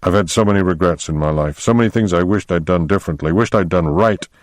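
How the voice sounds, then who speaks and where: A man's voice: low voice, fast, no room sound, clean studio sound, natural voice. A man reading a novel aloud, voicing a rueful, self-mocking working man full of regrets. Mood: regretful.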